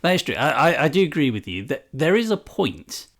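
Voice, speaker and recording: A man's voice: fairly high pitch, very animated, fairly quick. A man co-hosting a casual football podcast, mostly agreeing with his co-host, joking and laughing often.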